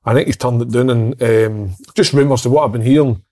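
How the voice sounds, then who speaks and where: A man's voice: mid-range voice, a little fast, dark tone. A man in a casual football chat with friends, rambling and often restarting his sentences. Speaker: football podcast pundit.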